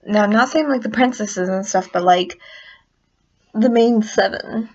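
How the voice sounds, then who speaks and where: A woman's voice: medium pitch, a little slow. A woman vlogger chatting casually and making self-deprecating asides, recorded at night in a dim room on a dull lo-fi recording. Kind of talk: casual vlog.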